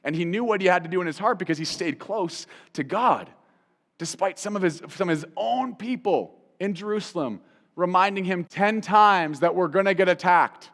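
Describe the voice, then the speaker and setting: The host and Bible teacher of a Christian program talks fairly quickly in a high voice, with a long reverb tail behind him. He keeps things lively and conversational, repeating phrases for emphasis and questioning the listener directly.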